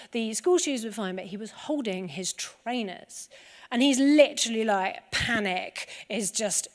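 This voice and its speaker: A woman giving a talk to a live audience and telling stories in a lively way. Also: a little high, in a large hall. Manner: lively storytelling. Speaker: conference speaker.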